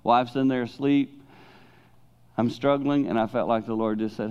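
Preaching to a youth congregation, a middle-aged man who travels as a preacher talks at normal speed with a medium pitch and clean tone, pausing often. His delivery is candid, confessional and full of animated storytelling. The sound is lo-fi.

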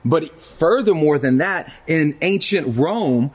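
A man preaching a sermon to viewers online, in a dramatic delivery that swings between loud urgency and a hushed voice. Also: fairly high pitch, expressive, takes it slowly, breathy edge. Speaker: pastor.

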